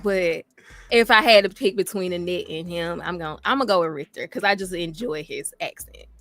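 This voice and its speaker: A woman co-hosting a podcast in casual chat, gushing and animated, full of filler words. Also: lowish voice, a little fast. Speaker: podcast co-host.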